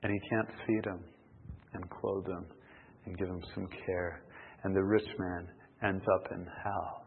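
A man preaching a sermon emphatically, swinging from loud outbursts to near whispers. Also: deep voice, little pitch movement, unhurried, slight background noise. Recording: tinny phone-like sound in a reverberant hall.

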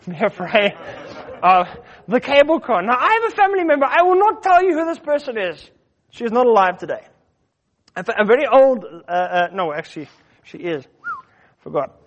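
A middle-aged man from Africa, telling personal stories in a casual, animated way, often repeating words as he goes. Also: very high voice. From South Africa. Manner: animated, repeats words, acts out his quotes. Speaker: storyteller. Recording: dull muffled lo-fi recording.

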